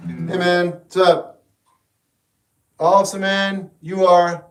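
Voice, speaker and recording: High-voiced man rambling to his live chat. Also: level tone, takes it slowly, creaky. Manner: rambling, jokey, talks back to chat. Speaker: livestreamer. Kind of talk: casual live-stream chat with viewers. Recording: roomy echo, faint guitar music behind.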